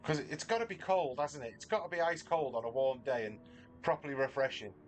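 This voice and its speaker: A man's voice: medium pitch, a little fast. A middle-aged man from northern England with a Manchester accent, chatting casually and self-deprecatingly with his viewers from his garage. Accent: Mancunian. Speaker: livestreamer. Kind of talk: casual chat while racing. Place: home garage.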